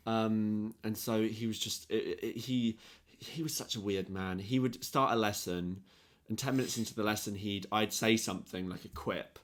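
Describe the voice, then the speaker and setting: A man's voice: on the low side, moderate pace. A young man and podcast co-host telling a story in casual chat, acting out the people he quotes. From England. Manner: animated storyteller, acts out quotes with swearing.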